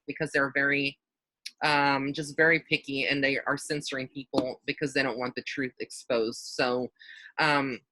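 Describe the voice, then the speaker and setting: A man's voice: mid-range voice, flat delivery, moderate pace, bright, forceful tone, no room sound, low-quality recording. A man hosting a live video call as a psychic medium, talking casually and rambling with lots of fillers and restarts. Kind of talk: casual live-stream chat.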